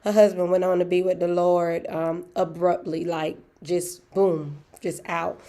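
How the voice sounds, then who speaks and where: A woman hosting a casual church livestream Bible study chat, animated and given to sudden whoops. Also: on the low side, unhurried.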